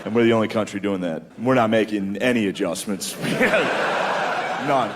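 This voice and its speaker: A man's voice: on the low side, expressive, normal speed. A man doing a stand-up comedy set, laid-back and profane, tossing in "dude" constantly. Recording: live club recording with crowd laughter and noise.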